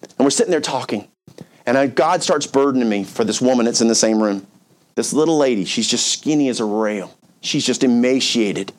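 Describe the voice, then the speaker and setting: A man's voice: mid-range voice, fairly quick. A male pastor preaching a storytelling sermon in a conversational, emphatic way, with casual asides to his listeners.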